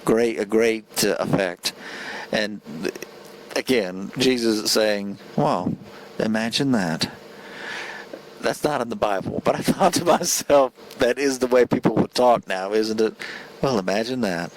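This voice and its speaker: A man's voice: on the low side, unhurried, a little hiss or hum, rough recording. A man giving a casual spoken film review, earnest and rambling, often stumbling and restarting his sentences.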